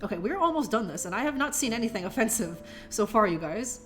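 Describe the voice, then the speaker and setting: A woman live-streaming with a high, lively voice that swings all over the place. She rambles, swears playfully and laughs often as she reads a children's book to her viewers. She sounds a little tipsy, and faint music plays behind her. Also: fast talker. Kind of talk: casual live-stream chat and reading aloud.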